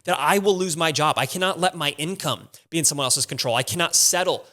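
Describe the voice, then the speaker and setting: A man's voice: fairly high pitch, quick pace, pushed and bright. A young man hosting a podcast, telling a personal story in a casual, profane and emphatic way. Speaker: podcast host.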